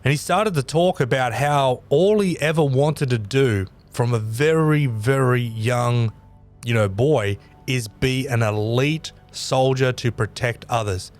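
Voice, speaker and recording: A man's voice: medium pitch, unhurried, soft background music. A man hosting a podcast, telling a story in a casual, rambling way with emphatic repeats. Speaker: podcast host.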